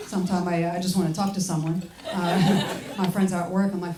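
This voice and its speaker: A woman's voice: on the low side, little pitch movement, brisk. A woman from France with a French accent, performing a wry stand-up set and teasing the audience. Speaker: stand-up comedian. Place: comedy club stage. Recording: roomy club sound from a distance, crowd noise.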